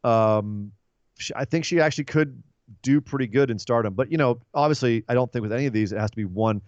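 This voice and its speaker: A man's voice: medium pitch, quick pace, darkish tone, no echo, muffled recording. Rambling, jokey podcast guy. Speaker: podcast co-host. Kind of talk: casual wrestling podcast chat.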